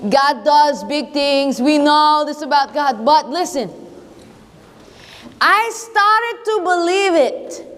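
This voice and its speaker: Animated high-voiced woman telling a camp story. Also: slow. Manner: animated, playful storytelling with sound effects and audience questions. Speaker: camp worship leader. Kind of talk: first-person Bible story told to campers. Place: camp chapel. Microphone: action camera. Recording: long echo in a hall.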